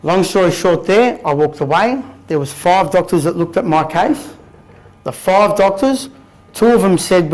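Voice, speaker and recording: A man's voice: high voice, expressive, measured pace, a little mellow, poor audio. An Australian man in his thirties, telling his own story to a live audience in a blunt, candid way, swearing casually. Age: 30s. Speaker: guest speaker. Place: room full of people.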